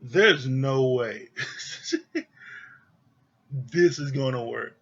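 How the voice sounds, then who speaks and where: Blunt ranting man, bright husky voice. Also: medium pitch, very slow, highs cut off. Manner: blunt, exasperated, swears freely. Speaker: reality TV reviewer. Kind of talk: casual ranting review.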